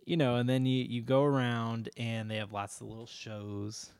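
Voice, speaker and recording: A man's voice: medium pitch, little pitch movement, moderate pace, darkish tone, clear, resonant tone, no room sound. A man chatting casually as a podcast co-host, telling a story in a rambling way with many fillers and restarts, laughing often.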